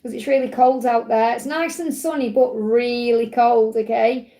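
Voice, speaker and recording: Croaky-voiced woman reading tarot live. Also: a little high, steady tone, normal speed, warm tone. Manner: soothing, reassuring, repeats key phrases. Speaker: tarot reader.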